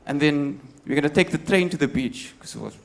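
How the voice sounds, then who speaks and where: A man's voice: on the high side, fast talker, creaky. A man with a South African accent doing a stand-up comedy set, telling stories and acting out the people in them. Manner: animated storytelling, acting out quoted characters.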